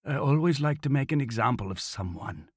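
A sadistic SS lieutenant, read by a male narrator, speaks in a quiet, gloating, unhurried voice. The delivery is dry and close. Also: medium pitch, lively intonation, husky, dry recording, voice pushed up.

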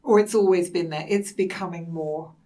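A woman's voice: fairly low pitch, normal speed, dark tone, recorded from a distance. A woman hosting a book discussion, talking hesitantly and searching for her words. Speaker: host. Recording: voice a bit off mic.

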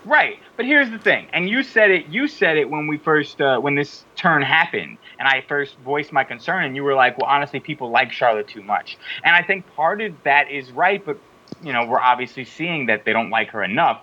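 A man's voice: on the high side, normal speed, highs cut off. Opinionated male podcast host. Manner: animated, rambling, opinionated. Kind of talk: casual opinionated chat.

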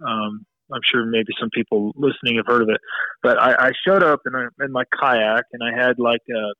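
A man's voice: mid-range voice, steady tone, moderate pace, no room sound, lo-fi sound. A man talking casually as a podcast guest, rambling and leaning on "you know" as he explains his fly tying. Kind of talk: casual interview chat.

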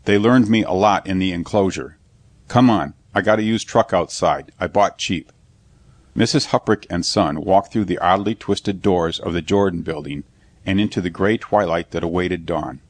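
Deep-voiced man narrating a story. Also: no room sound. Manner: even storytelling with lightly voiced dialogue. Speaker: audiobook narrator. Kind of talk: scripted narration.

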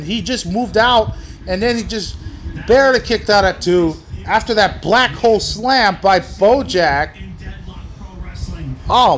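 A man hosting a wrestling watch-along, excitedly calling the action, swearing a lot and shouting at the big moves. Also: high voice. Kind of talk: excited live commentary.

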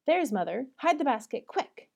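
An impetuous tomboyish teenage girl from a storybook, bursting out in high, eager exclamations, as a woman reading aloud puts her on. The voice is mellow and soft-edged, climbing well above the reader's usual pitch. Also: big pitch swings, normal speed, gravelly, exaggerated voice. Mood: excited.

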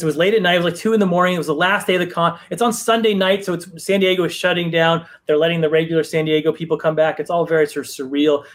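A man, a comic book writer, telling a long anecdote in a casual chat, with lots of restarts and fillers. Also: on the high side. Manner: rambling, many restarts and fillers. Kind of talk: casual storytelling on a live stream.

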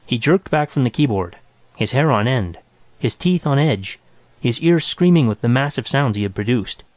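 A man reads a short story aloud in a steady, measured voice. The sound is close and dry, with no room around it. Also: medium pitch, no echo. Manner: even, measured reading. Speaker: narrator. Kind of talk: scripted story narration.

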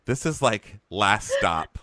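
A man co-hosting a casual chat, snarkily recapping a reality show and dropping into quick mocking voices. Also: fairly low pitch, very animated, bright, forceful tone, no echo, studio quality. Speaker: podcast co-host.

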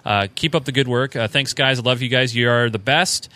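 A man's voice: medium pitch, a little fast, sharp tone. A man co-hosting a casual podcast, reading listener emails aloud with fillers and small chuckles.

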